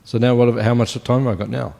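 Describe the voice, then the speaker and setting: A man in his fifties leads a morning scripture class in a temple, his medium-pitched voice warm, quick, and fairly even, with vocal fry. He speaks loosely and conversationally, often putting questions to his listeners. A long hall reverb surrounds the recording.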